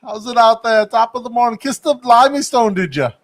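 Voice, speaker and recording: Man doing a jolly made-up European brogue, high sing-song voice, livestream banter. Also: expressive, a little fast. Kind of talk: livestream chat.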